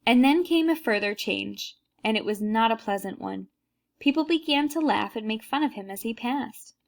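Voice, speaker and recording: A woman's voice: fairly high pitch, animated, moderate pace, gravelly. A woman reading a children's book aloud, narrating plainly and unhurriedly with small slips.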